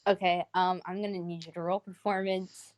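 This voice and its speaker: A woman's voice: fairly low pitch, little pitch movement, normal speed. A woman running a tabletop role-playing game, hesitating often as she describes the scene and calls for rolls. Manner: hesitant, many fillers. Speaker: game master.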